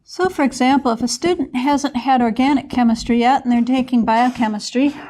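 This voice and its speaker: A woman's voice: sits high, fairly quick, warm tone, a little hiss or hum. A woman lecturing a chemistry class in a casual, explanatory way, with a few fillers as she goes.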